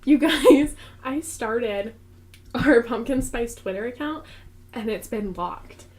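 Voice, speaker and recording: A woman's voice: on the high side, lively intonation, slow, a little mellow. A young woman co-hosting a podcast in casual chat, giggly and chatty with lots of "like". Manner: giggly, chatty, uses "like" often. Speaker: podcast co-host.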